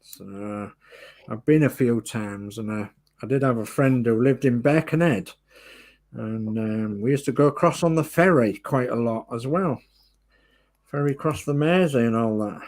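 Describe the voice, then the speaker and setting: A man's voice: medium pitch, moderate pace, a little mellow. A man hosting a model-building livestream, chatting casually and muttering to himself as he works. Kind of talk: casual chat while building.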